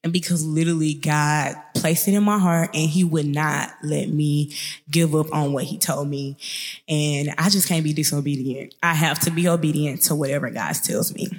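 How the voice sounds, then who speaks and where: A young woman in her twenties with a thick Mississippi Southern drawl, talking to her podcast listeners in a chatty, upbeat way. Her voice sits fairly low and rings out with a long reverb tail. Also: moderate pace. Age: 20s. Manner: chatty, upbeat, speeds up when excited. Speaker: podcast host. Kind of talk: casual podcast monologue.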